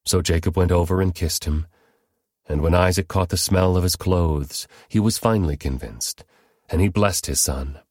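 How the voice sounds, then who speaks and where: A man narrating a Bible story in a steady, even reading voice. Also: low-pitched, moderate pace, no echo, clean studio sound.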